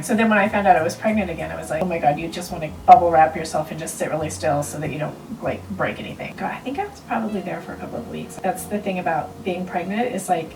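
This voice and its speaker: A middle-aged woman tells a heartfelt family story in a lower voice, halting and tearful, stumbling through fillers. She sits slightly away from the microphone, with a soft noise floor behind her. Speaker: mother of the twins. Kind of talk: emotional storytelling. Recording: slightly distant mic with faint noise.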